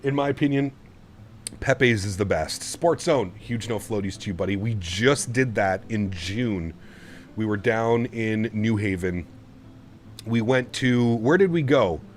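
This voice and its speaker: A man with a fairly low voice chats loosely with his stream while he flies, rambling from one thought to the next and laughing easily. There is a faint hiss under his voice. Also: animated, a little slow. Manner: rambling, easygoing, laughs often. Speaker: flight sim streamer. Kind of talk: casual livestream chat.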